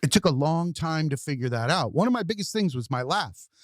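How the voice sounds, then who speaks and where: A man's voice: fairly high pitch, expressive, brisk, no room sound. Candid male podcast host, dry close sound. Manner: candid, swears casually, repeats words while thinking. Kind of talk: casual conversation.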